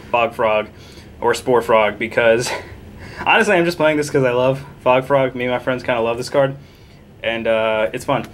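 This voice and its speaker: A man's voice: medium pitch, a little hiss or hum. Rambling young man walking through a deck. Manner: rambling, self-correcting, chuckling asides. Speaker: deck tech presenter. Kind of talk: casual card-by-card walkthrough.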